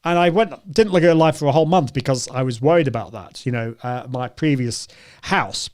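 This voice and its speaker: A man's voice: mid-range voice, animated, a little fast. A man hosting a live video show, talking chattily to his viewers, often correcting himself and laughing. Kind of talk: live-stream talk to viewers.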